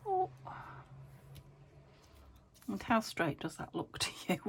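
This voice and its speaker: A woman's voice: mid-range voice, huge pitch swings, slow, creaky, pauses often, breathy edge. A middle-aged woman chatting casually to herself while she works on a craft, often dropping into a whisper. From United Kingdom. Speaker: craft vlogger. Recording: noisy home recording.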